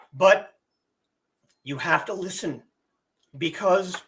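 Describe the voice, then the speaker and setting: Casual livestream teacher: unhurried, animated, bright-voiced, slightly hoarse, keeps clearing their throat. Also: mid-range voice. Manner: slow and deliberate, clears throat often. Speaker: livestream host.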